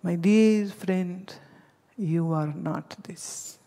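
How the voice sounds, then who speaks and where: A woman gives a spiritual teaching, weaving in anecdotes and speaking straight to her listeners. She talks slowly and deliberately. A long hall reverb trails each phrase. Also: fairly low pitch, warm tone. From India. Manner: storytelling, addressing listeners directly.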